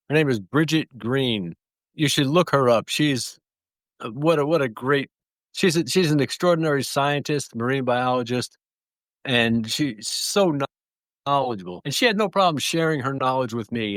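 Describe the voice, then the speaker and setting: A man's voice: medium pitch, fairly bright tone, no room sound. A man telling stories in an interview, rambling through anecdotes with small restarts. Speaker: guest clownfish breeder. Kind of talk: relaxed storytelling.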